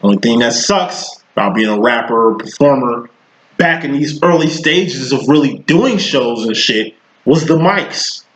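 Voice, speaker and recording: A man's voice: mid-range voice, lively intonation, a little slow, rough recording. A man giving a casual tarot reading, talking in a profane, slangy, rambling way. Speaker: tarot reader.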